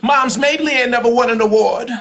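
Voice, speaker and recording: A man's voice: extremely high pitch, a little fast, a bit bright, lo-fi sound, voice pushed up. A man voicing an indignant, proud woman comedian who scolds and protests in a sassy manner. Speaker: comedian doing impressions.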